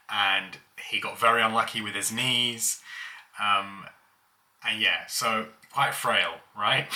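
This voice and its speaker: A man's voice: on the low side, sharp tone. A young man casually telling childhood stories, laughing as he goes. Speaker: vlogger. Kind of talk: casual storytelling.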